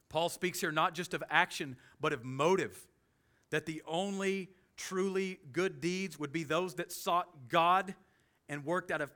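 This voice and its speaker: A man with a Southern US accent preaching a sermon as pastor, animated, with quick humorous asides. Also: high-pitched. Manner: animated preaching, with sudden loud jokey voices and soft asides.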